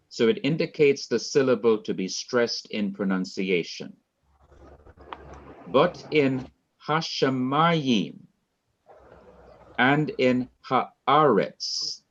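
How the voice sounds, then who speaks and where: A man teaching a Hebrew class, explaining slowly and repeating key points for his students. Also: lowish voice, dull audio. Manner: slow, repetitive, deliberate explaining. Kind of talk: classroom lecture.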